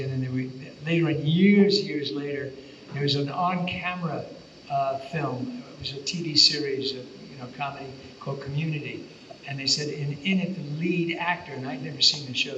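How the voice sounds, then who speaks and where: An older man spins playful anecdotes from a convention panel stage. His voice is bright and sits somewhat high for a man, heard from a distance in a roomy hall with a dull, slightly muffled sound. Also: fairly quick, slight background noise. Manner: playful storyteller, slips into character voices. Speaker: voice actor panelist.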